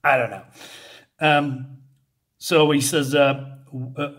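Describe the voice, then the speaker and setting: A man casually recapping a comic issue, halting often with fillers and unsure asides. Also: mid-range voice, steady tone, fairly bright tone. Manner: hesitant, many fillers and restarts, unsure asides. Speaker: comic book reviewer.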